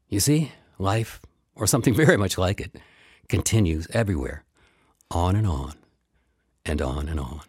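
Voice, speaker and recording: A man's voice: sits low, very animated, moderate pace, pauses often, darkish tone, slightly rough, dry recording, studio quality. A man telling a first-person story in a wry, meandering way, repeating phrases for effect.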